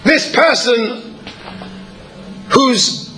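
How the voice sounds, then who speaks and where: High bright-voiced man giving a sermon. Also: soft background music, low-quality recording. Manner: earnest, measured, with pauses and throat clearing.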